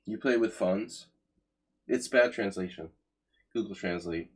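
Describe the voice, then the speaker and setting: A man's voice: lowish voice, measured pace, husky. A man in his forties giving sardonic, chatty commentary while he plays chess on a live stream and talks to his chat.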